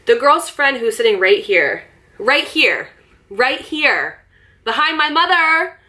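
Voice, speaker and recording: A young woman vlogger telling a story in a casual, animated way, laughing often. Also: high-pitched, slow.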